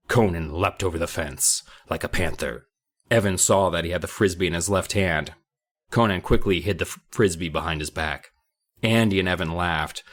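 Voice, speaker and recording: A man co-hosting a podcast, chatting jokingly and reading a book aloud. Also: low voice. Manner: animated, jokey. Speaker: podcast co-host.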